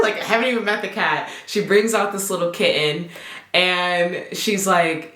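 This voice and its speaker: A woman's voice: lowish voice, normal speed. Chatty young woman, echoey room. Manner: animated, chatty, acts out quoted dialogue. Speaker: vlogger. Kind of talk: casual storytime vlog. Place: home apartment.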